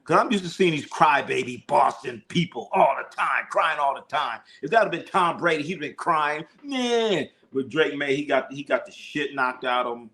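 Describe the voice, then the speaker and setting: A man hosting a casual sports livestream, talking in an animated, profane way and sometimes mimicking whiny crying voices. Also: fairly high pitch, moderate pace, hardly any pauses.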